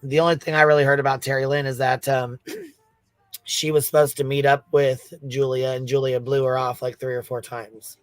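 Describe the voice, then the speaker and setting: A man's voice: medium pitch, flat delivery, normal speed. A man chatting casually as a guest on a livestream panel, who swears freely and laughs often. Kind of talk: casual chat.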